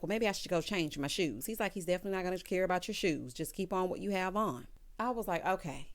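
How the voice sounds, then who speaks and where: A woman recapping a TV episode in casual chat, retelling scenes in a sassy way with asides like "girl" and "honey". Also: fairly low pitch. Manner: chatty, quotes characters in lively retellings. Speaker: TV recap host.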